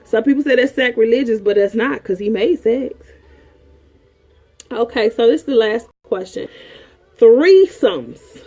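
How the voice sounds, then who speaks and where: A woman's voice: fairly high pitch, animated, measured pace, pauses often, dark tone. A woman counselor giving frank relationship advice in an emphatic, preachy way, repeating her points. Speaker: sexologist and counselor host.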